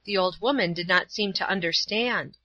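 A woman narrating a storybook in a steady, clear reading voice. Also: medium pitch, normal speed, no echo. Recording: dull, dry lo-fi recording.

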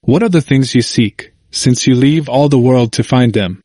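A man's voice: mid-range voice, moderate pace, darkish tone, no room sound, studio quality, lightly acted. A man voicing a stern, scornful male neighbor who scoffs and dismisses.

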